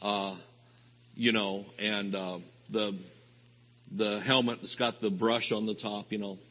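A man preaching a rambling, folksy sermon with sudden loud outbursts at a live convention. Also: lowish voice, flat delivery, takes it slowly. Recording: live hall recording with long reverb.

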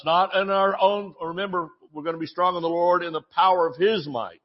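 A man pastor preaching a sermon, reading scripture with jokes and sudden shouts. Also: high-pitched, steady tone, a little fast, few pauses. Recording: dull lo-fi audio.

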